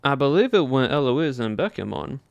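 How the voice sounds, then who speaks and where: A man's voice: medium pitch, sing-song, moderate pace, creaky, clean tone, dry recording, dull audio. A man with a Southern US accent, chatting casually with his livestream viewers and thinking aloud as he polls them. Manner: chatty, thinking aloud while polling chat. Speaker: streamer.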